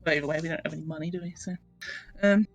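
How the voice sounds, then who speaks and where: A woman's voice: low voice, fairly even intonation, rapid-fire, faint music behind. A woman taking part as a player at a tabletop game. She chats casually and keeps asking questions. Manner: chatty, questioning.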